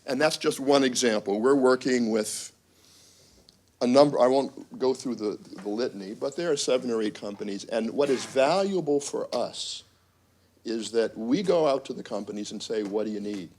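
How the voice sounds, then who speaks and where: A man's voice: medium pitch, normal speed, darkish tone. A middle-aged man gives a symposium talk as a university dean. His voice sits in a middle register, and he tells anecdotes with wry asides, acting out the quotes as he goes. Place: conference room.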